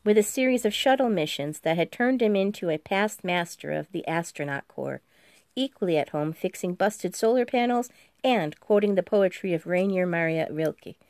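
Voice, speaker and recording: A woman narrates an audiobook in a steady, even storytelling style. Her scripted narration is fairly low-pitched and moderately paced, recorded dry with clean studio sound.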